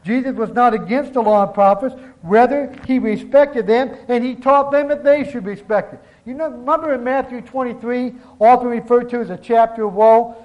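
A man preaching a sermon, reading scripture aloud and stressing key words slowly, calling the congregation brethren. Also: very high-pitched, dull audio.

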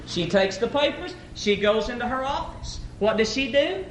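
A man's voice: very high voice, lively intonation, moderate pace, hardly any pauses, echoey room, slight background noise, poor audio. A man preaching a folksy, emphatic sermon at an evening church service, telling a story and acting out its characters.

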